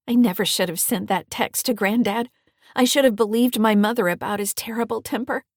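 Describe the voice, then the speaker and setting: A woman author reading her thriller audiobook in a measured, steady first-person narration. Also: mid-range voice, dry recording, studio quality.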